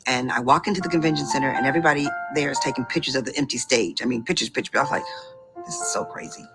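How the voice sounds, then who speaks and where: A woman telling her own story as a beauty consultant in an animated, personal testimonial, breaking into excited outbursts. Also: a bass voice, rapid-fire, over loud music. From Boston area.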